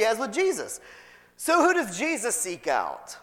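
Lively, bright-voiced male preacher. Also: sits high, a little slow. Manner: chatty, asks the congregation questions, repeats points. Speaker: pastor. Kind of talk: conversational sermon. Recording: long reverb in a hall.

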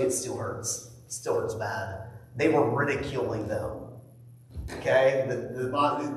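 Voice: medium pitch, very echoey, big-room sound, far from the mic, poor audio. A pastor preaching a conversational sermon who acts out quoted voices with mock outrage.

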